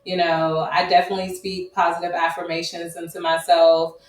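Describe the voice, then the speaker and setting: A woman guest on a podcast, speaking candidly and laughing often, lively when she mimics relatives. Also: fairly low pitch, a little fast, distant mic. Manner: laughs often, animated when quoting others. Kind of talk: candid casual chat. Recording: roomy echo, off-mic.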